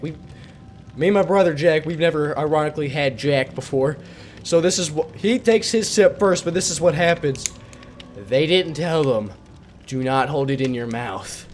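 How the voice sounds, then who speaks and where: A man's voice: on the high side, moderate pace, a little hiss or hum. A young man casually telling a rowdy family story on stream, swearing and laughing as he acts out relatives. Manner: animated, laughing, swearing, acting out relatives' voices.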